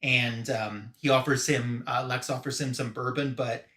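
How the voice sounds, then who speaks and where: A man in a relaxed live-show recap, rambling through a comic plot with lots of "uh" and "you know." His voice sits at a middle pitch, and the room around him sounds noticeably echoey. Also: normal speed. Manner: rambling, filler-heavy retelling. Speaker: podcast host.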